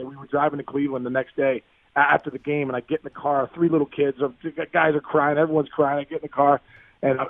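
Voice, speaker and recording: A man telling a long sports story in a podcast interview, animated and tumbling over his words with restarts. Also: a little high, no echo. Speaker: guest, former baseball player. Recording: dry, phone-like line.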